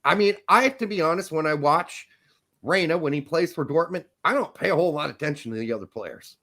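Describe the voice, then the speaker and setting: A man's voice: a little high, lively intonation, quick pace, pushed and bright. A young man hosting a podcast, rambling energetically and joking with frequent laughs. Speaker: podcast host. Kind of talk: casual chat.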